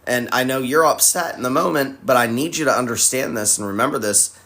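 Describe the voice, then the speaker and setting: On a live stream, a male host answers viewer questions candidly and conversationally, sharing personal stories and swearing casually. His medium-pitched voice is pushed and bright, moving fairly quickly with hardly any pauses.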